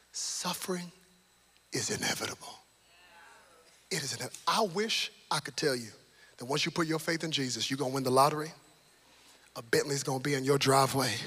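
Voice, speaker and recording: A man preaching a sermon, animated and lively, swinging between loud emphatic lines and hushed, near-whispered passages. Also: mid-range voice, slightly rough.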